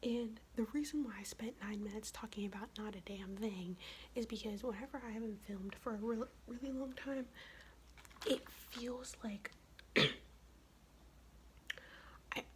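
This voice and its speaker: A woman's voice: a little high, unhurried, darkish tone, slight background noise. A young woman who is sick, talking in a whispered ASMR get-ready-with-me chat, casual and profane. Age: young adult. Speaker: ASMR vlogger.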